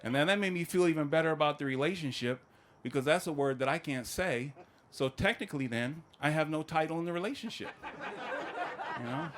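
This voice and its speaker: Deadpan man doing stand-up. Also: fairly high pitch, fairly quick. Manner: conversational, deadpan storytelling with acted quotes. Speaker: stand-up comedian. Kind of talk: stand-up comedy set.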